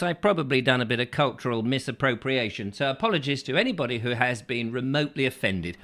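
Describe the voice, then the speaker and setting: Guy hosting a chatty show, rambly and silly, lively up-and-down voice, bright tone. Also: mid-range voice. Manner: playful, rambling, silly asides. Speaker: host. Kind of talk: chatty live show, reading viewer comments.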